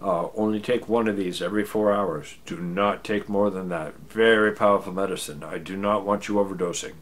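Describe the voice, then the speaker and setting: A man's voice: sits low, steady tone, fairly quick, close to an everyday voice. Man doing a firm cautioning doctor. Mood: warning. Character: serious male doctor giving warnings.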